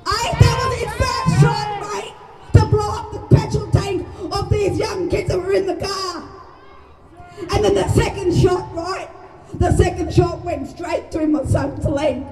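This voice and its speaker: An Australian woman, a mother, giving a raw and emotional speech at a public gathering. She shouts and swears freely. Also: very high voice, fairly even intonation, unhurried, music in the background. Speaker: mother speaking at a rally. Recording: echoey, far from mic, crowd noise.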